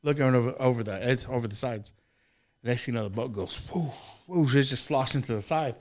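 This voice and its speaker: A man swapping stories on a casual podcast, his voice sitting at an ordinary middle pitch. He talks with constant cursing and jumps into animated, acted-out exclamations when he tells a story. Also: brisk. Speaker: podcast participant.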